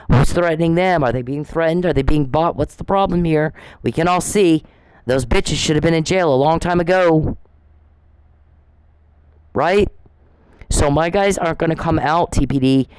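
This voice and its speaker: A woman's voice: low voice, darkish tone, smooth, dry recording, rough recording. A woman hosting her own channel, delivering an angry, profane, accusatory rant straight at the person she blames, hammering the same insults again and again. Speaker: channel host. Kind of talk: angry direct-address rant.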